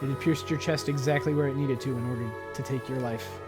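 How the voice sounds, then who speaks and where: A man hosting a gaming channel, reading story text from the game aloud in a dramatic, expressive way. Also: mid-range voice, fast talker, music in the background.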